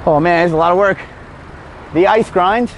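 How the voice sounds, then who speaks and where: Man, fairly high voice, out of breath, joking and chatty, casual tutorial, lapel mic, outdoors. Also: normal speed, dull audio, noisy background. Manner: joking, self-mocking, chatty. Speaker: BMX rider hosting a how-to. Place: outdoors by a street rail.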